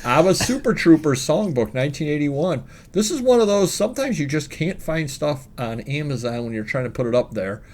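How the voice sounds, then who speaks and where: A man's voice: on the high side, lively intonation, a little fast, hardly any pauses, a little mellow. Male co-host, chatty and rambling, fillers and asides while he lists items. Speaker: co-host of a reselling show. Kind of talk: casual chat about sales.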